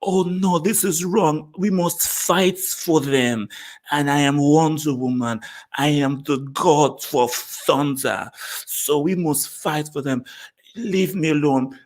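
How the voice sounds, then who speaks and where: A man voicing a stiff, earnest superheroine woman with a slow, wooden, overly solemn delivery. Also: fairly high pitch, pitched above the performer's own voice. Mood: mocking.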